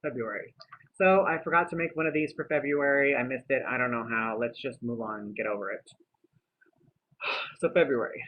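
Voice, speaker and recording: A man's voice: mid-range voice, normal speed. Tinny-sounding man narrating a vlog. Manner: chatty, with wry asides to the viewer. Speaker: vlogger narrating his giveaways. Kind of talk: diary-style vlog narration. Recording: tinny phone-like audio with faint hiss.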